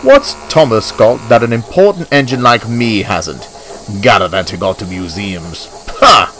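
A man's voice: on the low side, expressive, unhurried, fairly bright tone, slight background noise, low-quality recording. A man doing a pompous furious express engine. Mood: indignant. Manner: furious, huffy. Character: big proud pompous male express engine.

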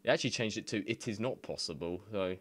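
A man's voice: lowish voice, fast, a bit bright, no room sound. A man, casually reading odd machine translations aloud, laughing and swearing as he goes. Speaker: gaming video creator.

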